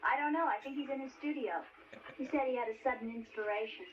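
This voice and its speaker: An actress playing a curious, uneasy young woman with a bright, questioning manner on an old film soundtrack. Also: high voice, fast, muffled recording, close to an everyday voice. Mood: wistful.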